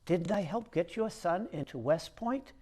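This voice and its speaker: A man's voice: high-pitched, lively intonation, a little slow, a little mellow, breathy edge, pitched above the performer's own voice, exaggerated voice. A man putting on an older congressman, pressing a constituent with reproachful, pleading questions. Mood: indignant. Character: old male congressman, indignant and pleading.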